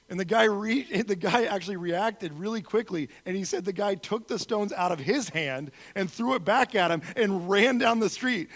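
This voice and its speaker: A man giving a sermon as a guest speaker in a church, telling stories with acted-out quotes, swinging from loud emphasis to soft, quiet moments. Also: high-pitched, normal speed, hardly any pauses. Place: church sanctuary.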